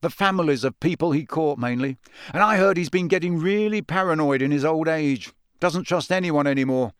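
A male reader plays a young wizard in a storybook who explains plainly and matter-of-factly. The voice sits slightly high and sounds dry. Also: fairly quick, clear, resonant tone, no echo, natural voice. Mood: explaining. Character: knowledgeable young adult wizard brother.

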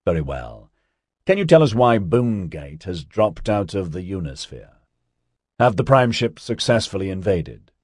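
A man's voice: sits low, very animated, measured pace, darkish tone, breathy edge, no room sound, clean studio sound, full character voice. A man reading a pushy, mocking male news interviewer in an audiobook, firing probing questions. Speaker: journalist.

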